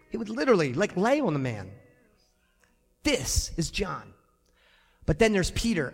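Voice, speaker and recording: A male pastor preaching a sermon in a church sanctuary, animated and conversational with touches of humor. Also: high voice, in a large hall.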